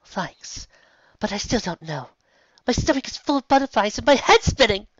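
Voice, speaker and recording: A woman voicing an anxious, tearful young princess pony mare in a high squeaky voice, recorded dull and lo-fi. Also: expressive, moderate pace, dry recording. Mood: tired.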